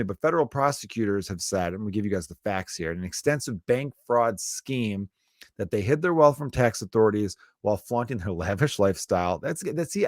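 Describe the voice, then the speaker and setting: A man's voice: medium pitch, dry recording, clean studio sound. A man hosting a comedy podcast, ranting with lots of swearing and mocking impressions. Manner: profane, animated, mocking impressions. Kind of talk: comedic rant.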